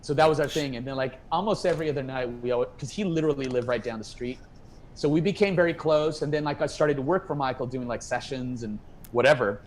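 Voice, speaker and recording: A man's voice: medium pitch, fast, a little hiss or hum, poor audio. Rambling man telling a story. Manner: rambling, animated, acts out quoted dialogue. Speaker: guest musician. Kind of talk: casual storytelling interview. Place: at home.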